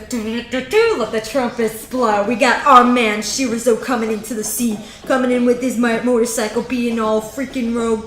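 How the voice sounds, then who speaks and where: Brief: emphatic woman reviewing a manga chapter, slangy and excitable, a bit high-pitched. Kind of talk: casual chapter breakdown.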